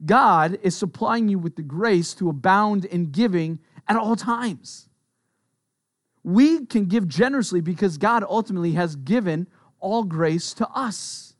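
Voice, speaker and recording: A man with a high voice preaches a sermon in an easy, conversational manner. He talks earnestly and tosses in quick asides. His voice sounds dry and close, with no room echo. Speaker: pastor.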